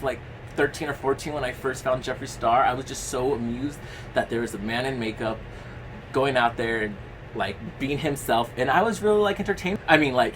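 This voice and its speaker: A man's voice: mid-range voice, a bit bright, a little hiss or hum, poor audio. A young man talking in a casual commentary vlog, rambling with lots of fillers, blunt and given to swearing. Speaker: commentary vlogger.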